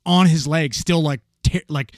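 A man casually telling a paramedic story, animated and swearing freely as he acts out the voices of the people in it. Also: fairly high pitch, a little slow, dry recording, clean studio sound.

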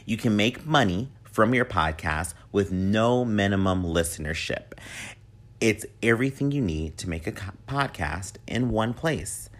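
A man's voice: lowish voice, lively intonation, unhurried, a bit bright. A man hosting his own podcast, chatty and campy, with a playful, slightly whiny way of talking. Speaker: podcast host. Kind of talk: solo podcast talk with a read ad.

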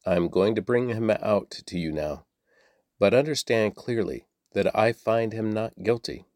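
A man's voice: measured pace, darkish tone, dry recording, clean studio sound, close to an everyday voice. Man voicing an uneasy, pressing Roman governor. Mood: declaring. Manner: questioning, pressing, pitch rising on questions. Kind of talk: dramatic reading aloud.

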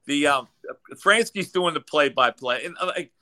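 A man's voice: fairly high pitch, expressive, moderate pace, sharp tone. A man who is a guest impressionist, telling rambling stories with frequent laughs in casual radio chat.

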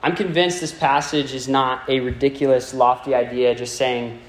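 A man's voice: medium pitch, normal speed, few pauses. A man preaching a sermon to a congregation, speaking in a conversational, playful way and putting questions to his listeners.

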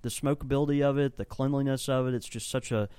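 A man's voice: medium pitch, steady tone, fast, warm tone, smooth, no echo. Man, shop owner, rambling, restarts often, dry close sound. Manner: rambling, enthusiastic, many restarts. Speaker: tobacco shop owner and blender. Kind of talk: casual podcast chat. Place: in his tobacco shop.

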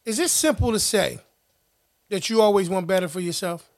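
A man's voice: high-pitched, normal speed. A man co-hosting a podcast, easygoing and reflective in casual chat. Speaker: podcast co-host.

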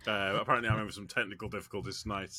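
A man hosting a casual podcast chat, animated, with frequent restarts and the odd swear word. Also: lowish voice, racing. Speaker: podcast host.

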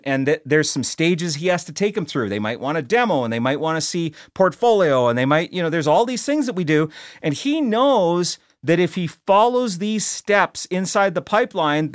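A middle-aged man hosts a podcast from a recording studio, talking bluntly and casually while often restarting and repeating words. His voice sits a little high and sounds a bit bright, and the recording is dry.

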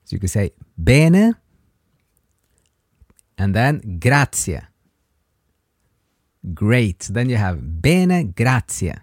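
Teaching simple Italian greetings on his language podcast, the man keeps a slow, patient lesson pace and brightens his pitch whenever he demonstrates words. It's a dry, studio-quality recording.

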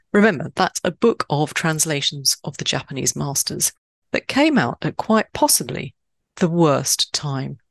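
Low-voiced woman hosting a poetry podcast. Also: no room sound, studio quality. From Switzerland. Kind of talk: scripted podcast narration.

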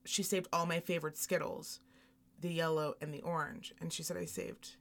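A woman with a low, slightly bright voice co-hosts a chatty podcast at a moderate pace with flat delivery. She tells candid, funny stories in a loose, conversational way, jumping into other people's voices as she goes.

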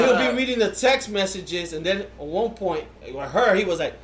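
A podcast host, a man with a slightly high voice, tells a meandering story full of fillers and the odd curse. It is casual chat, not a performance. The room around him is echoey, with faint noise underneath. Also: normal speed, hardly any pauses. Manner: rambling storyteller, heavy fillers and swearing.

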